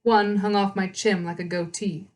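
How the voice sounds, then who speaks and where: A woman hosting a read-aloud, reading a novel with chatty asides and quick self-corrections. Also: medium pitch, fairly even intonation, darkish tone.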